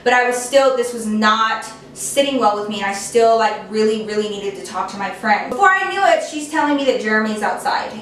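A young woman casually telling a storytime, chatty and animated, with lots of "like" fillers. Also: fairly high pitch. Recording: echoey room, voice a bit distant from mic.

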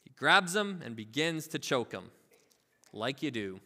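A man preaching a sermon as pastor, telling a parable with lively asides and acting out the characters' voices. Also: mid-range voice, unhurried, big-room sound. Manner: informal, filler-heavy asides. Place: church sanctuary.

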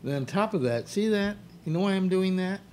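A man's voice: sits high, lively intonation, a little fast, darkish tone, slight background noise. An older man hosting a talk show, rambling bluntly and grumbling through restarts. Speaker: radio talk show host. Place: apartment.

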